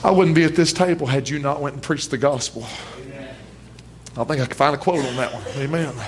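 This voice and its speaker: A man's voice: on the high side, fairly quick, a crowd in the background. A man preaching a sermon at a church service, folksy and emphatic, in plain everyday speech.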